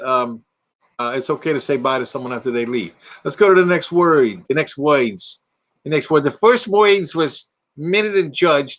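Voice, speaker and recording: A retired man hosts a casual livestream from inside his RV. His voice is a bit higher than most men's, and it rises and falls a lot as he chats. He is playful and easygoing, joking as he reads viewer comments aloud. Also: a bit bright. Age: retired, middle-aged or older. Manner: chatty and playful, reads out names and jokes, hums tunes. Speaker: livestream host. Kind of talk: casual live chat reading viewer comments.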